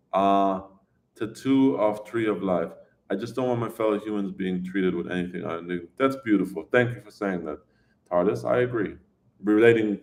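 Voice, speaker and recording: A man's voice: on the low side, darkish tone. A man chatting casually on a live stream, rambling and oversharing as he answers his viewers' questions and laughs often.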